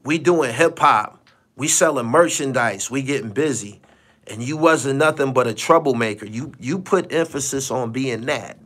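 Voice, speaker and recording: A man's voice: medium pitch, moderate pace, fairly bright tone. A man hosting a live stream, talking bluntly and profanely and repeating himself for emphasis. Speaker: podcast host. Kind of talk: casual live-stream commentary.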